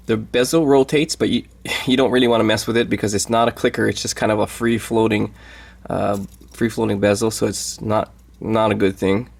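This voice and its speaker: A man with a low, gravelly voice hosts a casual watch review vlog. He talks in an easygoing way and stops often on fillers. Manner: easygoing, halting with many fillers.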